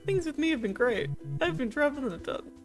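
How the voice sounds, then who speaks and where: A woman's voice: sits high, expressive, brisk, over music, voice pushed up. A woman voicing a bubbly, scatterbrained young female ghost in a game, chatty and easily distracted.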